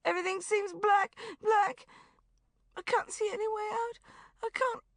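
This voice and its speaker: A woman reading an audiobook, voicing a sobbing, despairing young woman friend in a high, wailing voice. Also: little pitch movement, a little fast, no echo, studio quality, close to an everyday voice.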